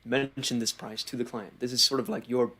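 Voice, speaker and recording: A man's voice: mid-range voice, fairly even intonation, a little fast, pushed and bright, slightly rough. A man co-hosting a live podcast, chiming in supportively and adding his own points. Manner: supportive, chimes in often with agreement. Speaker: podcast co-host. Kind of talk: casual podcast chat. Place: in Iceland, streaming live.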